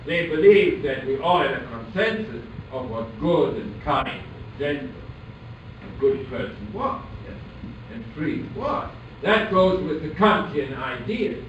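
A man lecturing from a distance in a very echoey room, his voice a little high for a man. He wanders through his points, restarting phrases and posing rhetorical questions. The sound is muffled with a faint background hiss. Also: animated, slow pace. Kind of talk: academic lecture.

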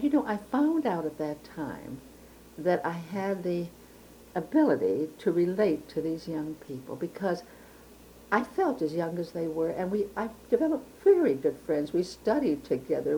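An older woman from Chicago looks back on her life in an interview, her voice low and mellow. She talks in a careful, precise way and often restarts her sentences. A faint hiss sits under the recording. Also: poor audio. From Chicago, United States. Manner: reflective, precise storytelling with frequent restarts. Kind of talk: oral history interview.

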